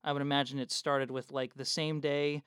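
A man's voice: medium pitch, little pitch movement, normal speed, fairly bright tone, smooth, no echo, clean studio sound. A young man co-hosting a tabletop game podcast, joking and swearing freely in casual chat. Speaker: podcast co-host.

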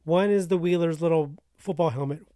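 Dry-humored woman, lowish voice. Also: fairly quick, dark tone, dry recording. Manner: dry, wry and swearing. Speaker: podcast co-host. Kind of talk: casual chat about a movie.

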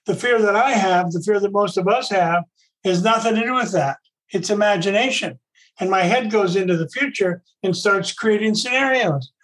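Higher-voiced man giving a casual talk. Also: normal speed, a bit bright, low-quality recording. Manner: conversational, repeats himself, voices inner thoughts. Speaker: recovery program speaker.

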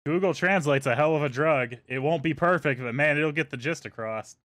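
A man's voice: a little high, a little fast, fairly bright tone, no echo, clean studio sound. A man hosting a casual podcast, joking around with his co-hosts before wrapping up the episode. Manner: joking, wraps up plainly. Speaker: podcast host.

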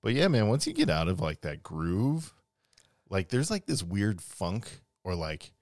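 Very deep-voiced joking man. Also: measured pace, dry recording, studio quality. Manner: joking, animated, sarcastic asides. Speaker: podcast co-host. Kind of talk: casual chat.

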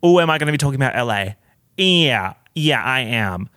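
A man's voice: mid-range voice, expressive, normal speed, sharp tone, clear, resonant tone, no room sound, studio quality. A man hosting a casual solo podcast, chatty and campy, full of slang and swearing, recorded on a portable recorder. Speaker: podcast host.

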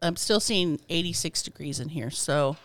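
A woman co-hosting a comedy podcast, tossing out absurd deadpan jokes in casual chat. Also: low voice, normal speed, dry recording. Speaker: podcast co-host. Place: hot indoor studio room.

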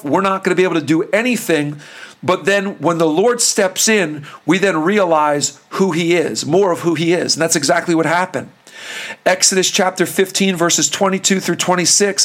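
A man's voice: sits high, fairly bright tone. A man preaching a sermon, earnest and direct, asking the listener questions.

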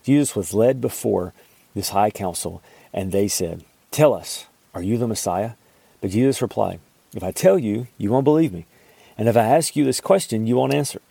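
A man reading scripture aloud and pausing to explain it in a devotional teaching. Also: on the low side, lively intonation, vocal fry, warm tone, breathy edge, no echo. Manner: reads scripture aloud, then pauses to explain it. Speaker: Bible teacher.

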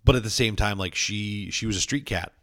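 A man's voice: fairly low pitch, fairly quick, sharp tone, no echo, clean studio sound. A man chatting casually as a podcast co-host, telling rambling stories full of fillers and playful asides. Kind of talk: casual chat.

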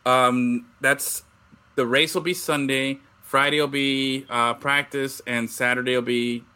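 Bright-voiced excitable man chatting. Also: mid-range voice, clean tone. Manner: excitable, swears, laughs a lot, does quick impressions. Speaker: podcast host. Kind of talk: casual chat.

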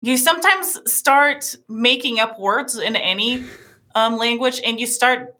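A woman's voice: a little high, a little slow, sharp tone. A woman with a European accent whose first languages are Portuguese and German, chatting earnestly and self-deprecatingly as an interview guest, often restarting her sentences. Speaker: streamer and musician guest. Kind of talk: casual interview chat.

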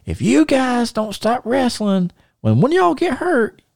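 A man putting on a stern mother's high voice as she scolds two rowdy boys. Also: huge pitch swings, a little slow, vocal fry, a little mellow, dry recording, clean studio sound, heavily acted. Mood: scolding. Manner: scolding, high-pitched put-on.

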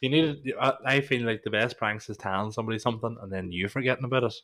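A young man chats loosely on a podcast. He swears freely and breaks into laughter often, with a middle-pitched voice. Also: quick pace, a bit bright. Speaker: podcast co-host. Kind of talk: casual chat.

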